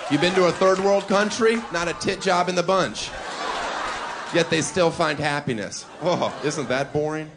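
A male stand-up comedian performing a brash set with deadpan asides on a comedy club stage. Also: a little high, normal speed, crowd noise. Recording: live audience laughter and room noise.

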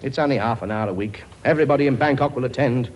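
A man's voice: medium pitch, quick pace, darkish tone, highs cut off, lightly acted. An actor playing a cheeky, bossy king who lectures his many children in a comedy sketch. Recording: noisy recording.

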